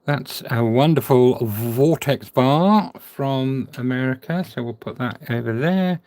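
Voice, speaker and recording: A man's voice: mid-range voice, slow pace, a little mellow, a little hiss or hum. A man casually narrating as he sorts his collection, chatty and thinking aloud, half muttering to himself. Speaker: coin collector vlogger. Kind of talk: casual narration while sorting.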